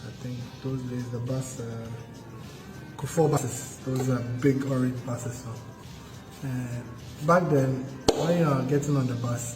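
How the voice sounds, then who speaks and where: A man's voice: medium pitch, echoey room, big-room sound, poor audio. A man with a Ghanaian accent casually telling a personal travel story and acting out the voices of the people in it. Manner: animated, acts out voices in his retelling.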